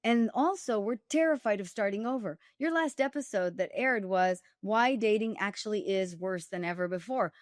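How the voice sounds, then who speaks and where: A woman's voice: medium pitch, normal speed, few pauses, no room sound, studio quality. A woman dating coach and author, speaking directly and emphatically as a guest, with wry humor. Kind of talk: candid storytelling interview.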